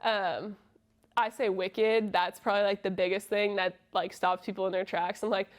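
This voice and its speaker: This Massachusetts native, a college soccer player in her twenties, works through interview questions at a moderate pace with an easygoing warmth. She drops frequent "ums" between ideas, and her voice holds a fairly flat, even pitch.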